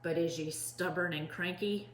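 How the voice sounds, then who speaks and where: A woman's voice: fairly low pitch, fairly even intonation, normal speed, reverberant, lightly acted. A woman voicing an impatient, bossy male pirate captain who bellows in pirate slang. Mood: gruff.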